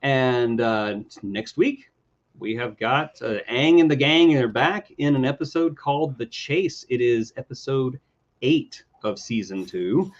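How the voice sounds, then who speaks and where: A man's voice: mid-range voice, a little slow. Man, podcast co-host, self-mocking jokes, lo-fi dull recording. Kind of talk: casual podcast chat.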